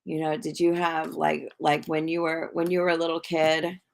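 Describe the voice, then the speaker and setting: A woman's voice: deep voice, level tone, normal speed, vocal fry. A woman hosting a casual livestream, rambling chattily and greeting viewers in the chat. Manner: rambling and chatty, full of fillers. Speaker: livestream host and tarot reader. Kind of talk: casual live-stream chat.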